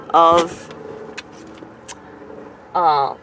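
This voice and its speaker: A middle-aged woman talking casually to her viewers, rambling, laughing at her own stumbles and swinging from loud to quiet. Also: on the low side, normal speed, a little hiss or hum. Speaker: vlogger.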